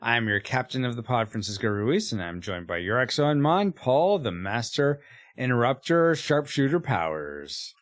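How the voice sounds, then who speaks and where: A man's voice: medium pitch, moderate pace. Playful man hosting a podcast. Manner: laughs often, lively and playful. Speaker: podcast host. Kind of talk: casual chat.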